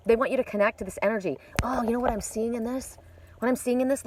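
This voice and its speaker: A woman giving an oracle card reading outdoors by the water, talking excitedly and breaking into gasps and exclamations. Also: a little high, fast talker, background noise.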